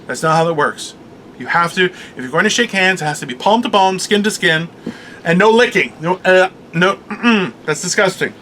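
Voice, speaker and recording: A man co-hosting a podcast, a comic telling stories in a profane, animated rant. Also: high voice, moderate pace, slight background noise. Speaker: podcast co-host, stand-up comic. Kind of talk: casual chat.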